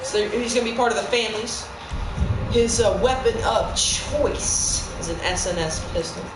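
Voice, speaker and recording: A game streamer giving rambling, playful live-stream commentary with sudden squeaky outbursts. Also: normal speed. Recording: echoey room with background noise.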